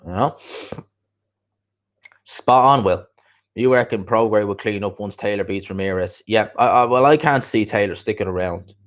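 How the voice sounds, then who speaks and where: With a fairly low voice at a moderate pace broken by long pauses, a boxing show host reads viewer comments during a casual livestream. He chats opinionatedly, repeating points for emphasis.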